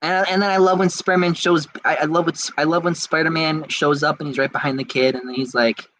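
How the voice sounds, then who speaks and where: A man hosting a podcast, reading out viewer comments in casual chat and answering them in an excitable, rambling way. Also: fairly high pitch, fast, a little hiss or hum, rough recording. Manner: excitable and rambling, with frequent restarts. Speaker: podcast host.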